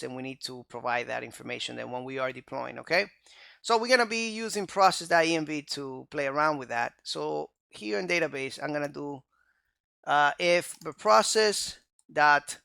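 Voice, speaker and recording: Male coding instructor, screencast voice-over; smooth, bright timbre in a dry sound, chatty, keeps asking "okay?". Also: a little high, dry recording. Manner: conversational, checks in with "okay?" and "right?". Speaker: programming instructor.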